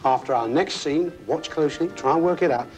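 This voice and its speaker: A man's voice: a little high, fairly quick, a little mellow, faint music behind, low-quality recording. A man hosting a television game show, chatty and jokey, talking to contestants and a studio audience. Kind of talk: upbeat studio presenting.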